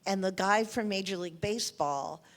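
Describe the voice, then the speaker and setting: A woman's voice: mid-range voice, moderate pace. An older woman in an onstage interview, telling anecdotes in an emotional way and often repeating her phrases. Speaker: interviewed author.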